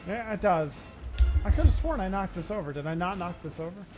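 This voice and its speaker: A man streaming a video game, chatting casually, swearing and reacting out loud as he plays. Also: high-pitched, lively intonation, brisk, music in the background. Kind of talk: casual gameplay commentary.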